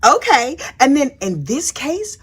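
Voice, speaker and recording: A woman's voice: a little high, big pitch swings, normal speed, bright, forceful tone. A woman giving a sassy, comic recap of a courtroom day and acting out the people in it. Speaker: true crime commentator.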